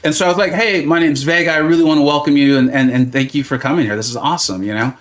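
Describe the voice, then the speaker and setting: On a gaming livestream, a middle-aged Southern California man chats and rambles casually, packing his speech with fillers. His voice is a little high and quick, and his storytelling is animated, full of restarts and wandering tangents.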